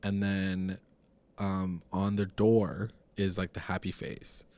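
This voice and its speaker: A man's voice: sits low, little pitch movement, slow pace, a little mellow. A man co-hosting a podcast, recapping a TV episode in casual chat, rambling and full of fillers. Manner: rambling, filler-heavy, retells scenes. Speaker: podcast co-host.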